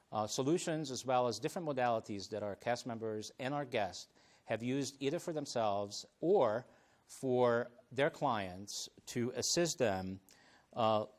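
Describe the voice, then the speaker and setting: Chatty man hosting a live TV studio panel. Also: medium pitch. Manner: friendly, chuckles often, many ums and restarts. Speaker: TV talk show host and coach.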